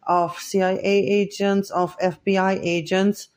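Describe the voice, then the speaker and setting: A podcast host delivering a solo monologue in an earnest, accusing tone, often pausing on hesitant fillers. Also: medium pitch, little pitch movement.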